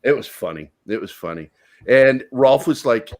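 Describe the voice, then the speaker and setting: Animated man telling a crude story. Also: medium pitch, moderate pace. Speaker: podcast co-host. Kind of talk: casual storytelling chat.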